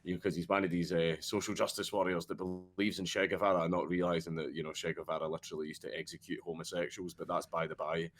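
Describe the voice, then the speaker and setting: A man's voice: low-pitched, level tone, fast talker, few pauses, fairly bright tone. A man with a Scottish accent telling stories in a casual podcast chat, swearing a lot and laughing often. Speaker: podcast guest.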